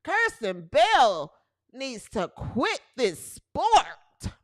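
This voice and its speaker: A woman hosting a comic sports talk livestream, mocking and animated, with exaggerated hollering. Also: high-pitched, drawn-out words, dry recording, studio quality. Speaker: show host.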